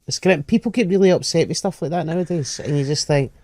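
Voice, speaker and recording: Man, Glaswegian accent, comedy podcast chat, sweary, mocking rants, higher-pitched. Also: quick pace, dark tone, a little hiss or hum. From Scotland. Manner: sweary, ranting, mocking voices. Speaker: comedian co-host.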